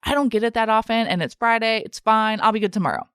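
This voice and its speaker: A woman's voice: fairly high pitch, fast, a bit bright, clean tone, no echo, clean studio sound, natural voice. A woman voicing the self-critical inner voice of a stressed dieting woman, fretting and arguing with herself. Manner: frets and argues with herself.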